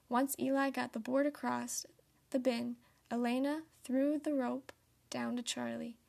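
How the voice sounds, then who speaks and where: A young woman in her late teens reading a storybook tale aloud in a soft, steady manner. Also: a little high, gravelly. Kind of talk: storybook narration.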